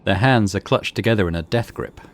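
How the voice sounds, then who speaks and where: A man's voice: fairly low pitch, brisk, no echo. A man playing through a role-playing game, reading its text aloud with casual asides. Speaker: gaming YouTuber.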